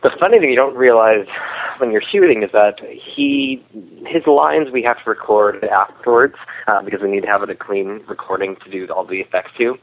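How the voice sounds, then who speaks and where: A man's voice: lowish voice, expressive, fairly quick, creaky. A man co-creator of a web series, explaining the production as a podcast guest, with restarts and chuckles. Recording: tinny phone line.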